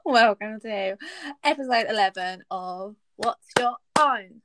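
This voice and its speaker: A woman's voice: mid-range voice, takes it slowly, fairly bright tone, dry recording. A woman in her twenties co-hosting a casual podcast, playful and teasing, often breaking into laughter. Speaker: podcast co-host. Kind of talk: casual chat.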